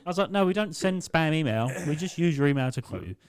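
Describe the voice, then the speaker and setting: A man's voice: fairly high pitch, fast talker. A young man co-hosting a podcast, telling work stories with lots of swearing and mocking impressions of customers. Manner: sweary, animated, mimics customers. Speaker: podcast co-host. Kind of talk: casual storytelling chat. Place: small studio.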